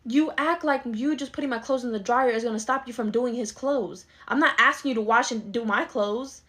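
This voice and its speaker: A woman's voice: on the high side, fairly quick, a bit bright, natural voice. A woman playing an argumentative young adult daughter who pushes back against her mother in a comedy skit. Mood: pleading. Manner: argumentative, sarcastic. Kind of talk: skit role-play.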